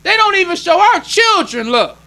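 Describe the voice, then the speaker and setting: A man's voice: very high voice, very animated, moderate pace, vocal fry, sharp tone. A male minister preaching a sermon in an emphatic, conversational way, drawing call-and-response from the congregation.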